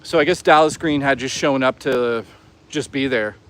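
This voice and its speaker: A man's voice: mid-range voice, moderate pace, fairly bright tone, slight background noise. A man live-streaming outdoors, chatting casually, swearing freely and reading out chat. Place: outdoors on an urban trail.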